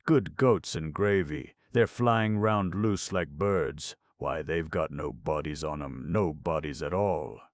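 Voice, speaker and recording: A man's voice: very deep voice, takes it slowly, hardly any pauses, dry recording, clean studio sound. A man voicing an anxious young boy king who frets and exclaims. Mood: astonished. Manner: worried, exclaiming.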